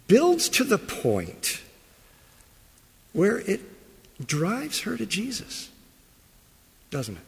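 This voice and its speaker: A male pastor delivers a sermon with a slightly husky, higher-than-usual voice. He talks slowly and leans on rhetorical questions, his pitch rising and falling widely. The reverb of a large church hangs after his words. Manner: expressive preaching, rhetorical questions. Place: church sanctuary.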